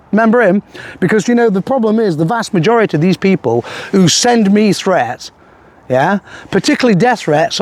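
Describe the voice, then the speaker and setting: An older Englishman, a political commentator, rants through a political monologue in a somewhat high voice. He is aggressive, profane and threatening, and keeps stopping and restarting.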